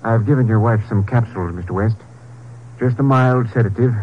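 An actor playing a calm, clinical psychiatrist, in 1940s radio acting on a tinny old broadcast. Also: male voice, medium pitch, slight background noise, natural voice. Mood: measured. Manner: measured, clinical. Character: measured, professional male doctor.

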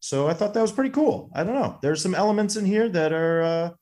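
A man's voice: high voice, lively intonation, quick pace, darkish tone. A man co-hosting a movie podcast, casually recapping a film's plot at length. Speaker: podcast co-host.

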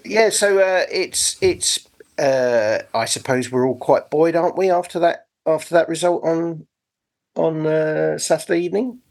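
A man's voice: a little high, unhurried, creaky, darkish tone. A man hosting a football podcast, chatting casually with lots of fillers and restarts. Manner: hesitant, full of fillers and restarts. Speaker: podcast host. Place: on holiday, speaking remotely.

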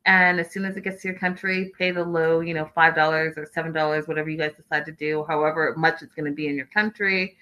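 Chatty young woman host, gossipy live recap voice, bright, fairly low-pitched. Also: fairly even intonation, fast talker, hardly any pauses, rough recording. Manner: chatty and gossipy, reads viewer comments aloud. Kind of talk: casual livestream recap chat.

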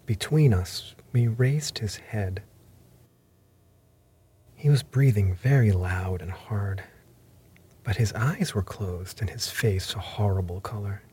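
Slow, husky male audiobook narrator. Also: on the low side, darkish tone. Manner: measured, with breathy half-whispered phrases. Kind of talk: scripted narration of a classic novel.

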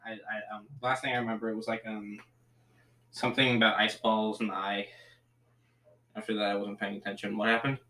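A man's voice: fairly low pitch, level tone, a little fast, pauses often, pushed and bright. A man co-hosting a podcast, making dry, teasing asides. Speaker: podcast co-host. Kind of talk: casual podcast banter.

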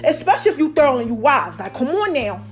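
A high-pitched woman talking straight to her viewers in a loose, upbeat vlog. She is playful and laughs easily, and she keeps calling them "baby" and "y'all" as she hands out life advice. Soft music plays faintly underneath. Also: very animated, quick pace. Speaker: vlogger giving life advice. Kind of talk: casual motivational talk to viewers.

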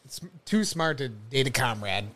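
Joking man with a lively voice. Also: medium pitch, normal speed. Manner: joking, riffing, laughs often. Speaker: podcast co-host. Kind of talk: casual movie commentary chat.

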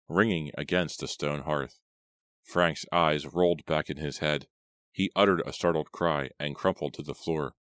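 Super deep voiced guy reading a spooky audiobook, steady pace, dry close sound. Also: clean tone, no echo. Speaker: audiobook narrator. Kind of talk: scripted horror audiobook narration.

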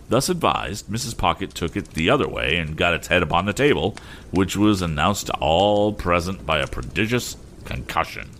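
A man narrating a classic novel as an audiobook reader, measured and expressive. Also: low voice, a little hiss or hum.

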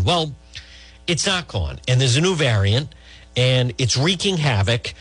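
A man's voice: medium pitch, sing-song, unhurried, a bit bright, breathy edge, no echo. A middle-aged man hosting talk radio, giving blunt, rambling political opinions with many restarts.

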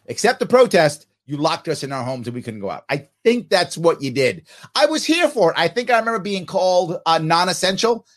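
Sarcastic New man, high and lively. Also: brisk. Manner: mocking, sarcastic. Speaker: podcast host. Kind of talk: sarcastic political commentary.

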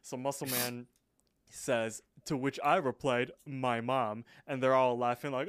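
Young guy podcast host, mid pitch, dry close sound, recapping a cartoon and doing quick little voices for the lines. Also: dry recording. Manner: retells scenes, voicing characters in quick impressions. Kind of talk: casual episode recap.

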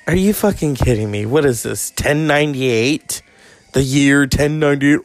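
A man in his forties delivers a rambling, profane monologue at a moderate pace, swearing often as he rants. He mocks other people in high put-on voices. The recording is dry.

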